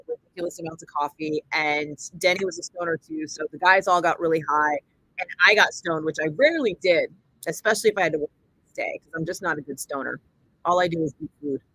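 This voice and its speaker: A bright, forceful woman in her forties tells a story, lively and full of swearing as she acts out each person she quotes. The recording is dry and close, with no room sound. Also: on the low side, dry recording, low-quality recording. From Northern California. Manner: animated, swearing freely, acting out quoted voices. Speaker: radio host telling a story on a livestream. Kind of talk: casual storytelling.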